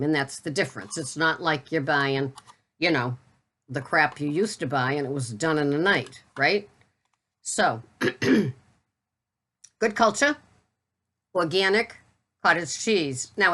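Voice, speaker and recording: A woman's voice: low voice, fairly bright tone. A middle-aged woman with a Boston accent, chatting casually and bluntly to camera about the food she buys. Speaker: keto vlogger. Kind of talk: casual product talk to camera.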